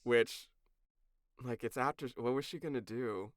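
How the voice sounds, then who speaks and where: A man co-hosting a podcast, recapping a cartoon episode in a casual, sarcastic, animated way. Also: medium pitch, unhurried, no room sound, studio quality. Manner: animated, sarcastic storytelling with profanity. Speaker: podcast co-host.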